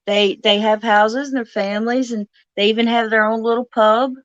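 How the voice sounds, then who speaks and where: Southern lady chatting away excitedly, kinda muffled lo-fi mic. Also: fairly high pitch, moderate pace, no room sound. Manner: chatty, enthusiastic. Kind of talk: casual chat. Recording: dull lo-fi mic.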